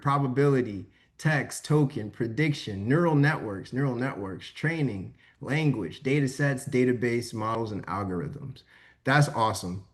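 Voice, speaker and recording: A young man presenting a casual live workshop over a video call, chatty and informal, checking in with his audience often. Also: medium pitch.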